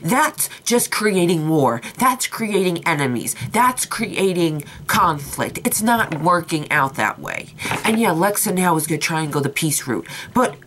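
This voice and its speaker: A woman's voice: lowish voice, very animated, unhurried, fairly bright tone, slight background noise. A young woman reviewing a TV episode in a vlog, ranting in an impassioned, exasperated way. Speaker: TV show reviewer.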